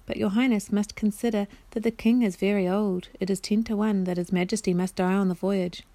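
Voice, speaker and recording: A woman's voice: medium pitch, steady tone, fairly quick, warm tone, dry recording, close to an everyday voice. Glum, blunt male marsh creature, storybook voice from a woman reader, dry. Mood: respectful. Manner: plain, blunt, glum speech.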